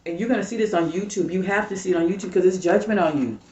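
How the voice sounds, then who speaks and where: A woman's voice: on the low side, very fast, a little mellow. A woman vlogger delivering an angry, profane rant to her subscribers, heated and repetitive, calling down judgment. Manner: heated, repetitive, swearing, preachy. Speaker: YouTube vlogger. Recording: roomy, distant, dull lo-fi sound.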